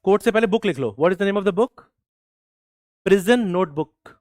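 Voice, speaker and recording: A man with an Indian accent teaching a class, mixing in Hindi and repeating phrases slowly so students can write them down. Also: high-pitched, animated, a little mellow, no room sound, studio quality. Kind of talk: classroom lecture, dictating notes.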